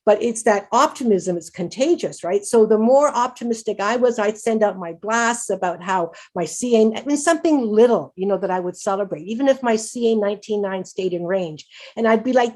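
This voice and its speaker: Middle-aged woman, patient advocate at a conference; upbeat, chatty, quick laughs, frequent restarts. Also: mid-range voice, darkish tone. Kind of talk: conference presentation.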